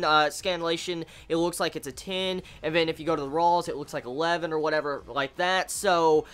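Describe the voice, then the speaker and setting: A manga vlogger giving a casual review, excitable and rambling, who swears freely and exclaims in disbelief. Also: medium pitch. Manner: rambling with restarts.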